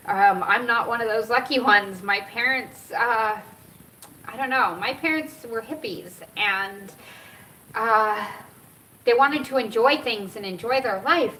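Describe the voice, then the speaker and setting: High-voiced woman vlogging from afar. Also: a bit bright, a little hiss or hum. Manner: emotional, rambling, often laughing. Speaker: cannabis and cancer vlogger. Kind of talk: rambling personal storytelling. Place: outdoors. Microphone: camera set up nearby. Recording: distant outdoor camera mic.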